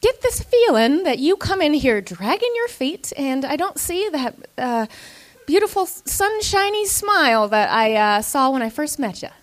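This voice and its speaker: A woman voicing a chirpy, overly sweet female office manager in a high sing-song voice. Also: sing-song, normal speed. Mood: gushing.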